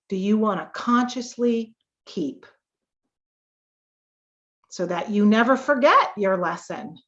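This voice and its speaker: A woman hosting a live tapping call, coaching listeners with slow, emphatic talk and sudden emotional bursts. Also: fairly high pitch, fairly bright tone, highs cut off.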